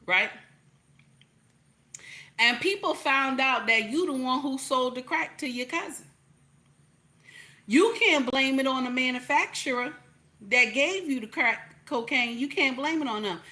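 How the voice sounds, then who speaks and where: A woman with a New Jersey accent delivers a blunt livestream rant in a high, bright, forceful voice. She repeats her points and checks in with "okay?" as she hammers them home with profanity. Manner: emphatic, repetitive, blunt and profane, keeps asking "okay?". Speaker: online commentator.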